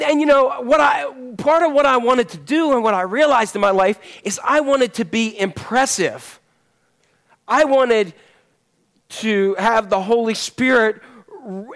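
A man's voice: high-pitched, measured pace, a bit bright. A man preaching a sermon as pastor in a church service, talking in a conversational, joking storytelling manner.

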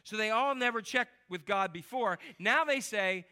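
A man preaching a lively, joking sermon in church and quizzing the congregation. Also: high-pitched, moderate pace, few pauses, clear, resonant tone. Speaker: pastor.

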